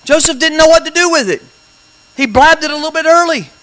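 A male pastor delivering a dramatic church sermon, calling out to the congregation for responses and swelling into shouts. His voice sits unusually high for a man, bright and forceful. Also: fast. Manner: call-and-response preaching, dramatic, rising to shouts.

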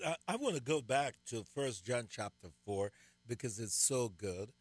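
A man's voice: medium pitch, animated, normal speed, no echo. A man teaching from the Bible, emphatic and repeating key words for stress. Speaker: co-host.

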